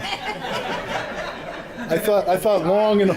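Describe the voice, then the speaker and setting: High-voiced man giving a fiery speech. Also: takes it slowly, crowd noise. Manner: blunt, combative, rising to yelling. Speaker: convention speaker. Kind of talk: impassioned political speech. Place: convention hall.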